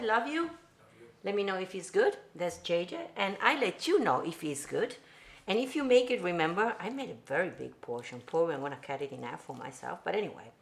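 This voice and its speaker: A woman's voice: fairly low pitch, gravelly. An Italian woman with an Italian accent, hosting a live-streamed cooking show from her home kitchen, chatting and greeting viewers by name in loose English. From Italy. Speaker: host.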